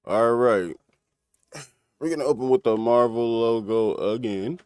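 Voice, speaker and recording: A man's voice: mid-range voice, unhurried, a little mellow, clean tone, no echo, clean studio sound. A man casually recapping an episode on a stream, rambling with fillers, restarts and laughter.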